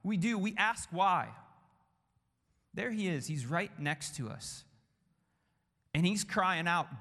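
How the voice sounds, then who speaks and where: A man preaching a sermon with passion, building through repeated phrases and dropping to hushed tones. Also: fairly high pitch, lively intonation, slow, long pauses. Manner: impassioned, rhythmic repetition, drops to hushed tones. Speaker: pastor. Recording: long hall reverb.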